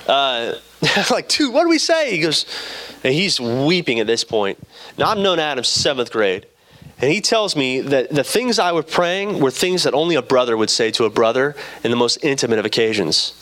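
A man's voice: medium pitch, lively intonation, moderate pace, a bit bright. A young man preaching a sermon in a casual, storytelling way, acting out conversations with friends. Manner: casual storytelling, acts out dialogue.

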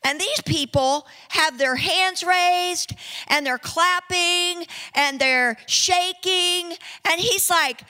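A woman preaching, telling a story in an animated way and acting out the people in it. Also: extremely high pitch, slow pace. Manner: animated, acts out quoted speech. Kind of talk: sermon storytelling. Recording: long reverb in a hall.

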